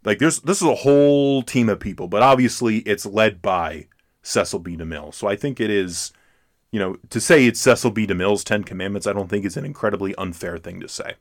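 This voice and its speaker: A brisk, lowish male voice hosts a casual film podcast. He rambles, restarts often, leans on fillers and laughs frequently.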